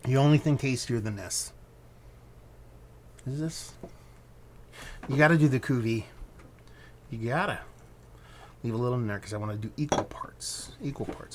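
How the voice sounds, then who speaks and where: A man's voice: medium pitch, bright, forceful tone, slight background noise. A man giving a casual beer review, rambling loosely, swearing now and then, and correcting himself as he goes. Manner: muses aloud, trails off and corrects himself.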